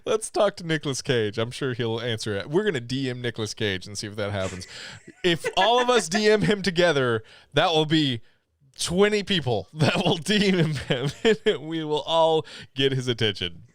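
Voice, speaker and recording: A man co-hosting a casual livestreamed movie review podcast, breaking into laughter often and talking excitably. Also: mid-range voice, brisk, no room sound. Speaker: podcast co-host.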